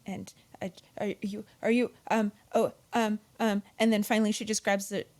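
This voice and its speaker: Female player, halting, filler-heavy, casual. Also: mid-range voice, little pitch movement, a little mellow. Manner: hesitant, many fillers. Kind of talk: casual tabletop play.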